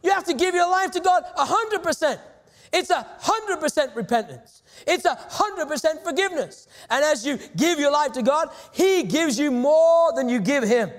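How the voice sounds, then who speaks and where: A middle-aged man preaching with a strikingly high voice. He drives his points home emphatically, rising to sudden shouts and slowing down to repeat key phrases. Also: lively intonation, long reverb tail. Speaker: pastor. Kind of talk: sermon.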